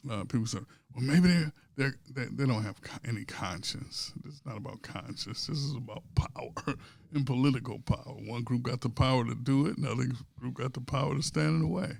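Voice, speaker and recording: A man, a pastor co-hosting a podcast, chatting casually about sports and politics and telling stories that build to loud punchlines. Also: medium pitch, gravelly, no echo, clean studio sound.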